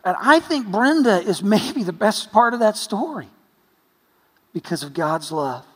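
A man's voice: high-pitched, expressive, a little slow, breathy edge, in a large hall. A man preaching a sermon as pastor, telling stories earnestly with touches of light humor.

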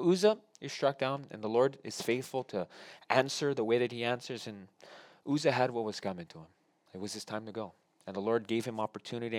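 A middle-aged man preaching a sermon as pastor, swinging between hushed asides and raised, slowed emphasis, and acting out quoted prayers in a low voice. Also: no room sound, clean studio sound.

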